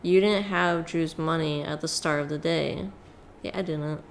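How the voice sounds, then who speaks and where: A woman streamer casually chatting through a game, sarcastic and quick to swear. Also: low voice, steady tone, a little hiss or hum. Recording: music playing loudly behind.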